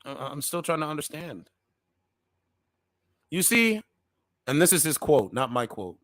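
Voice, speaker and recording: A man's voice: on the high side, big pitch swings, a little slow, fairly bright tone, no room sound. A man hosting a casual commentary channel, reading news articles aloud with slangy asides, stumbling over words and repeating defensive disclaimers.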